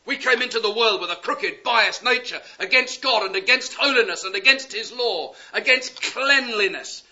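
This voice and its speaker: Male preacher, very high voice, impassioned sermon, pleading, dull lo-fi recording. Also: normal speed. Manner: impassioned, pleading, swings from loud to hushed. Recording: dull lo-fi sound.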